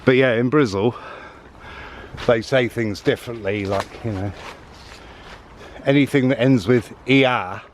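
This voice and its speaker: A man's voice: medium pitch, a little slow, pauses often, a little hiss or hum. A man, chatting casually and rambling a little while he walks a woodland path and films. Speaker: nature vlogger. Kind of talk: casual walking commentary. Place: woodland path outdoors, walking.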